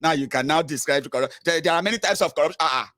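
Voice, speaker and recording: Animated Nigerian man, dry close sound. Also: fairly high pitch, very fast, no room sound. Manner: animated, mixes pidgin into English. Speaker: political commentator. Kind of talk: ranting political commentary vlog.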